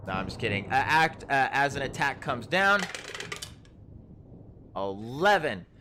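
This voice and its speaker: A man's voice: mid-range voice, big pitch swings, takes it slowly, background noise. A man narrating a tabletop game as game master, rambling with many fillers and often laughing.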